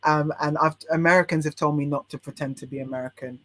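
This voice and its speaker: A woman's voice: sits low, fairly even intonation, fast, fairly bright tone, no room sound. Frank, opinionated British woman. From United Kingdom. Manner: frank and opinionated, many restarts. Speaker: podcast guest, life coach. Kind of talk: casual podcast chat.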